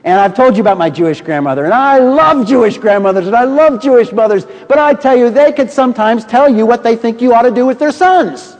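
A man preaching a sermon from a pulpit. He tells stories dramatically, swinging from hushed lows to booming highs. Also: lively intonation, brisk, few pauses. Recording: long reverb of a large hall.

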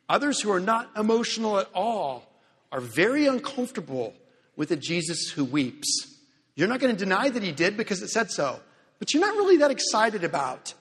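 A man preaching with a high, husky voice. He moves between ringing emphasis and hushed, drawn-out lines. His words trail off into a long hall reverb. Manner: earnest, dramatic shifts between loud emphasis and hushed slow phrases. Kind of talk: sermon.

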